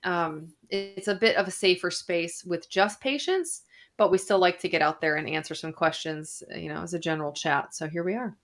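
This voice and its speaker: A woman's voice: fairly low pitch, normal speed, fairly bright tone. A woman doctor hosting a casual live Q&A. She chats freely, reads viewer comments aloud and swears a little. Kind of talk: casual livestream chat. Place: Arizona.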